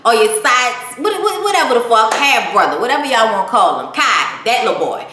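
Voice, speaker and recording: A high-voiced woman recaps a reality show in a loose, swear-heavy chat straight to her viewers. Her tone is bright and lively, and the sound carries the ring of an echoey room. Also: brisk, slight background noise. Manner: animated, blunt, swears freely, talks to viewers as y'all. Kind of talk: casual profane recap chat.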